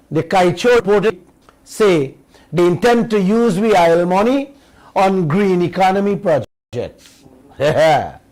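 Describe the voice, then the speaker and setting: A man's voice: high voice, a little mellow, low-quality recording. A middle-aged man, hosting a radio show and giving an emphatic political commentary monologue straight to his listeners. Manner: emphatic, drawn-out words, addresses listeners as uncle and auntie.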